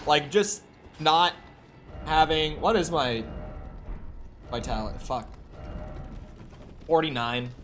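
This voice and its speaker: A man's voice: on the high side, slow, long pauses, fairly bright tone, slight background noise. Swearing male game streamer. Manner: casual, swears freely, talks to chat. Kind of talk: live gameplay commentary. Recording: faint music behind.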